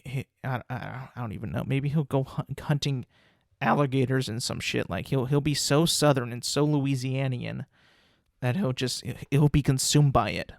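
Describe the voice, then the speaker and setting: A man's voice: mid-range voice, gravelly, dry recording, studio quality. A young man hosting a casual solo podcast, talking in a rambling, profane, incredulous way. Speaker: podcast host.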